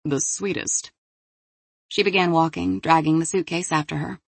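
Reading an audiobook from a script, a woman narrates in a measured, even manner. Her voice is low and slightly husky, and the close mic leaves the recording dry.

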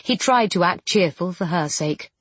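Audiobook narrator, woman, husky tone, dry close sound, measured read. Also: lowish voice, no room sound. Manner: measured, expressive reading. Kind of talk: scripted narration.

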